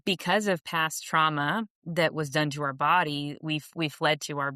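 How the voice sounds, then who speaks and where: Podcast guest: woman, lowish voice, earnest and reflective, casual talk with restarts, dry close sound. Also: steady tone, moderate pace, sharp tone, dry recording. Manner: earnest and reflective, many restarts, laughs easily. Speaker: podcast guest, author and coach. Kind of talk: casual interview conversation.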